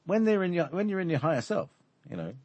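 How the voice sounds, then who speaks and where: A man explaining spiritual ideas in conversation, halting and full of fillers. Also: high voice, big pitch swings, a little mellow, dry recording. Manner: hesitant, halting, many fillers. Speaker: spiritual teacher.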